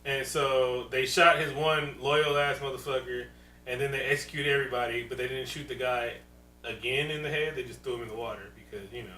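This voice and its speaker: Animated, profane man in a roomy room. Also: mid-range voice, brisk. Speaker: podcast co-host. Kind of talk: casual chat. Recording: roomy, distant mic, faint hum.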